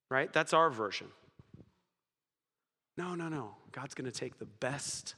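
A man preaching a sermon in a lively, joking storytelling manner, speaking in a church hall. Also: mid-range voice. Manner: lively storytelling, jokey, chuckles. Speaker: pastor. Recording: long hall reverb.

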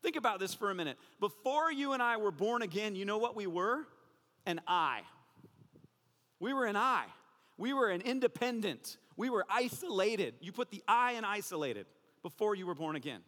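Male pastor, high bright voice, lively conversational sermon, long hall reverb. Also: moderate pace. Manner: animated, conversational preaching with playful asides.

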